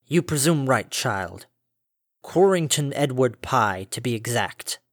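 A man's voice: mid-range voice, animated, slow, no echo, clean studio sound. A man voicing a stern old male pony farmer in a storybook reading, speaking with a scratchy, lethargic drone and formal curtness. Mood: dour. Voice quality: scratchy, droning.

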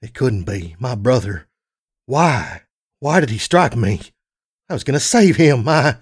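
A man's voice: medium pitch, animated, unhurried, husky. A man voicing a distraught young mare pony. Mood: shocked. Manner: anguished, pleading, raised voice.

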